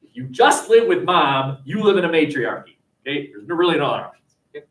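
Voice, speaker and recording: Lively teacher in an echoey classroom. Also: male voice, a little high, fast, recorded from a distance. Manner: lively, joking, asks the class questions. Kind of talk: classroom lecture.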